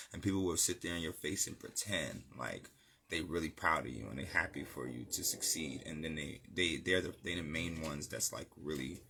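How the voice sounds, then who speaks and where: A man's voice: low voice, pushed and bright, breathy edge. A man from New City, a music producer chatting casually as an interview guest, laid-back and slangy with lots of fillers. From New York City.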